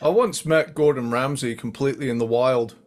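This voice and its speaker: A man's voice: mid-range voice, a little fast. A man from England co-hosting a podcast, telling stories in hesitant casual chat. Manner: hesitant, lots of fillers and restarts. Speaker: podcast co-host.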